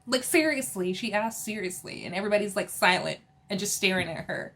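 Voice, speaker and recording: A sassy woman talks through a reality show episode, worked up and animated. She laughs often and slips into exasperated voices when she quotes people. Her pitch sits right in the middle for a woman. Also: unhurried, slightly rough. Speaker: reality TV recap vlogger. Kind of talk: casual opinionated recap.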